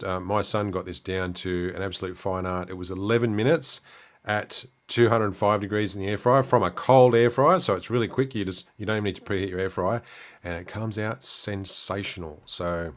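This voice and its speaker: A middle-aged man with an Australian accent chats casually on a livestream, working through viewer comments one by one. His voice sits a little low, and his talk is easygoing, full of ums and restarts. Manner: relaxed, chatty, many fillers and restarts. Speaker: livestream host.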